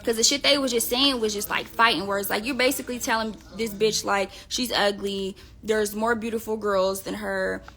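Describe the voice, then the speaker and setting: A woman's voice: mid-range voice, fairly even intonation, moderate pace, hardly any pauses, fairly bright tone, soft background music. A woman telling gossip on a live stream in a casual, profane, rambling way, full of fillers. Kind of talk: casual storytelling rant.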